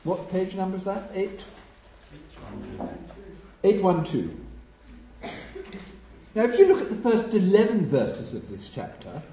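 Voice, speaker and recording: A man from England preaching a sermon, telling stories with lively emphasis and dropping to a quiet hush at solemn points. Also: high voice, a little slow, pauses often, echoey room, dull audio, slight background noise. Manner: animated storytelling, drops to a hush for solemn moments.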